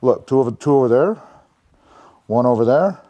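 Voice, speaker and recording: A man's voice: mid-range voice, expressive, moderate pace, mellow, dry recording, close to an everyday voice. A man playing an ancient street hustler who runs a cups and balls game on a corner, with brash, needling sales patter. He keeps close to his own everyday voice. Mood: hustling.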